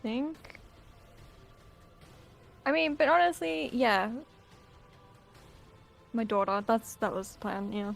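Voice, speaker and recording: A woman's voice: fairly high pitch, expressive, slow, gravelly, pauses often, faint music behind. A woman playing in a tabletop game, chatting in a rambling, self-correcting way with frequent laughs. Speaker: player.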